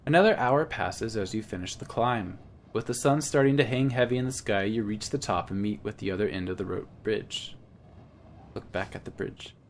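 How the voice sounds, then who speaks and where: A man's voice: on the low side, a little hiss or hum. A man playing a text game, reading its story aloud and adding casual comments in between. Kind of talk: let's-play narration and commentary.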